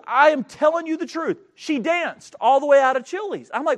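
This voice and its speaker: A pastor telling a funny, self-mocking story during a sermon. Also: male voice, very high-pitched, animated, a little fast, few pauses, fairly bright tone.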